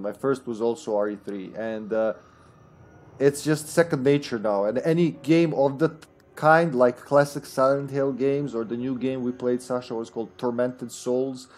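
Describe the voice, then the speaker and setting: A man's voice: medium pitch, normal speed, darkish tone. Joking male streamer over faint music. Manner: joking, laughs often, reads chat aloud. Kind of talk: casual live gameplay chat.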